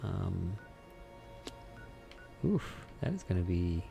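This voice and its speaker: A man's voice: low voice, big pitch swings, takes it slowly, vocal fry, warm tone. A man giving casual, chatty commentary while playing a video game and reading out menus as he goes. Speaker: let's play host. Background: game music.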